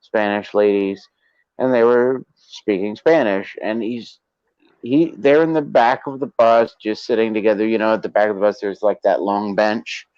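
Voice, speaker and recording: Male podcast host, low voice, laid-back profane storyteller, dry lo-fi audio. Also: steady tone, moderate pace, darkish tone, clean tone, dry recording. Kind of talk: casual storytelling chat.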